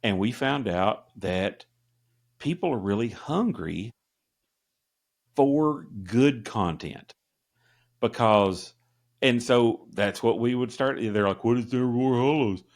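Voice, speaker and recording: A man's voice: medium pitch, animated, takes it slowly, pauses often. A middle-aged man co-hosting a podcast, telling long casual stories full of "uh" and "you know" fillers. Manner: rambling storyteller with many fillers. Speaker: podcast co-host. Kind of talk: casual chat.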